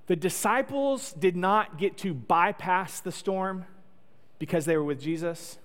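Guy preaching, pretty high voice, chatty and jokey, big echoey hall. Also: unhurried. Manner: conversational, joking storytelling preacher. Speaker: pastor. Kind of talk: sermon. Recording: long echo of a large hall.

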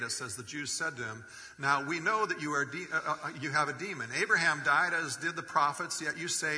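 A man's voice: mid-range voice, bright, forceful tone. A man preaching a sermon as pastor, conversational with wry jokes between scripture readings. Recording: long reverb of a large hall.

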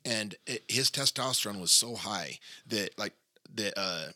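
Very bright, laid-back male counselor. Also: on the low side, a little slow, no room sound, studio quality. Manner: laid-back, slangy, jokey. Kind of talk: casual podcast discussion.

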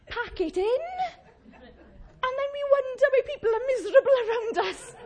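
A woman's voice: extremely high pitch, animated, normal speed, a little mellow. A woman preaching a chatty, humorous sermon, acting out little voices of complainers.

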